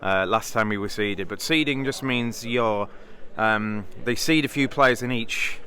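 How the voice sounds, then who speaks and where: Bright-voiced British man vlogging. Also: on the low side, a little slow. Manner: rambling, thinks aloud with many fillers and restarts. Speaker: vlogger, bridge player. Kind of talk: casual vlog chat.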